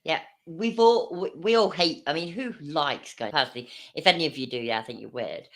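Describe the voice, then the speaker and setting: A woman's voice: low-pitched, fairly quick, a bit bright. A woman hosting a live stream, reacting to a video with blunt, sarcastic commentary and plenty of swearing. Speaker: livestream host reacting to a video.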